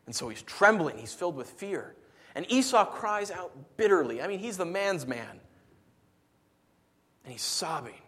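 A male pastor with a somewhat high voice preaches in a casual, conversational style. He swings between excited and hushed moments. He often doubles words as he restarts his thoughts. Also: moderate pace, pauses often, breathy edge. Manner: animated, conversational, repeats words when restarting. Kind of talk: sermon.

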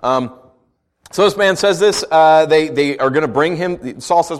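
A man's voice: fairly high pitch, a little slow. A man preaching as pastor, reading scripture and then explaining it in a conversational way, full of rhetorical questions.

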